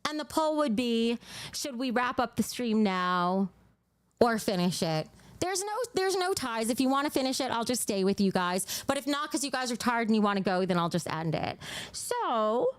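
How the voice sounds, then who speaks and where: A woman's voice: a little high, very animated, normal speed, clean tone, dry recording. A woman with a New Jersey accent hosting a casual livestream, blunt and profane at times and gushing over viewers' donations. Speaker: livestream host.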